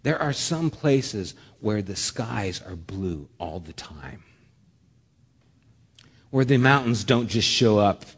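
Guy giving a sermon, funny story bits then goes real quiet and low, hall echo. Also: slow, slightly rough. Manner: animated storytelling with humor; drops to a soft low voice for solemn points. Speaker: pastor.

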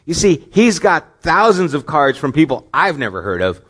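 A man's voice: fairly high pitch, big pitch swings, moderate pace, a bit bright, slightly rough. Earnest middle-aged male pastor preaching. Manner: earnest, questioning, with rising emphatic stretches. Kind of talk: sermon.

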